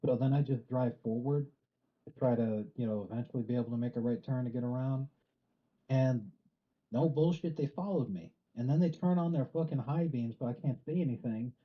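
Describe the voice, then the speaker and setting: Male co-player on a stream, mid-range voice, energetic and foul-mouthed storytelling, a bit muffled. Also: mid-range voice, brisk. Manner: profane, animated storyteller. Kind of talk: casual gaming chat. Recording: slightly muffled lo-fi mic.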